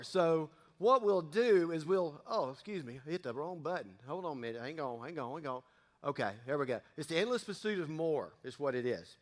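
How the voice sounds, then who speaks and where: Man, pastor, casual folksy sermon, high voice, long church-hall reverb. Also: a bit bright. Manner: folksy, joking asides to the congregation. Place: church sanctuary.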